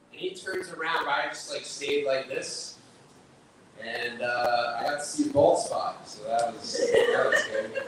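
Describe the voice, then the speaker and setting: A man's voice: mid-range voice, far from the mic. A young man doing a stand-up set at an open mic, rambling with lots of filler words. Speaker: stand-up comedian. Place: small bar performance space. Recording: echoey room picked up from afar, noisy.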